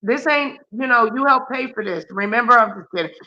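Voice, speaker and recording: A woman's voice: on the high side, a little fast, pushed and bright, lo-fi sound. A woman hosting a casual live-stream chat, exclaiming often and teasing her callers. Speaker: host.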